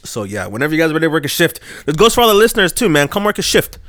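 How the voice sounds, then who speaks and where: A young man on a podcast, telling a long story in a laid-back, rambling way, with laughs that jump high. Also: big pitch swings, racing, fairly bright tone, dry recording, studio quality. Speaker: podcast host. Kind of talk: casual storytelling chat.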